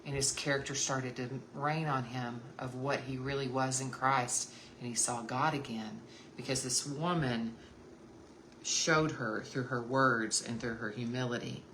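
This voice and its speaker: Low, bright-voiced woman teaching scripture. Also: a little hiss or hum. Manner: earnest and emphatic, repeats key points; addresses listeners as sisters. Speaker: women's Bible teacher. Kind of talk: devotional Bible teaching.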